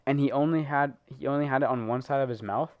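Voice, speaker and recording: A man's voice: mid-range voice, quick pace, no echo, narrow, tinny audio. A teenage boy co-hosting a podcast, telling a long story in casual chat, rambling with lots of fillers and laughing as he goes. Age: teens. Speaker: podcast co-host.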